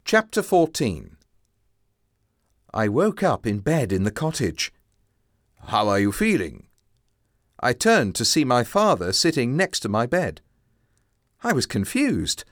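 A man reading a simplified classic story aloud as narrator, with slow, expressive storytelling. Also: medium pitch, no echo, clean studio sound. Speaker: storybook reader.

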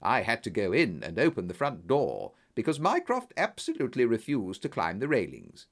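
A man narrating an audiobook in an expressive storytelling manner. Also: medium pitch, moderate pace.

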